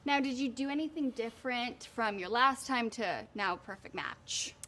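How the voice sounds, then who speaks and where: A woman hosting a casual entertainment interview, her voice bright and forceful. She teases her guests playfully and sits a little higher in pitch than most. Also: animated, normal speed, a little hiss or hum. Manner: playful, teasing, laughs often.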